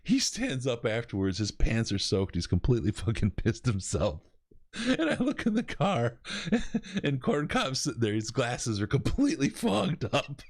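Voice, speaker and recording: A man hosting a podcast, telling stories in an animated way and laughing as he goes. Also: mid-range voice, moderate pace, no room sound, studio quality. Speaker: podcast host. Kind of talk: casual storytelling.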